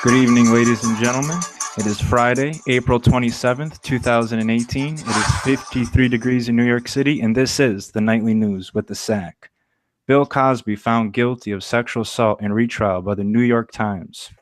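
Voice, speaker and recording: A man reading the headlines in a podcast's mock nightly news segment, using a formal anchor delivery. His mid-pitched voice sounds dry and close. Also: no room sound. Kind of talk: casual chat, then mock newscast reading.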